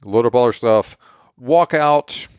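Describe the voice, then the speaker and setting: A man's voice: medium pitch, takes it slowly, darkish tone, clean tone, no echo, studio quality. A man hosting a podcast, casually recapping a story and acting out quoted dialogue. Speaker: podcast host.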